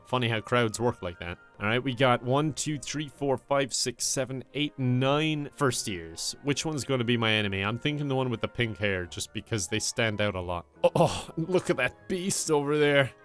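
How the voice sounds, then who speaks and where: A man's voice: mid-range voice, a bit bright, clean tone. Guy in his twenties, sarcastic let's-play host, joking at his own expense. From Ireland. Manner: sarcastic, joking, laughs at himself. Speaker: gaming YouTuber. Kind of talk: comedic let's-play commentary.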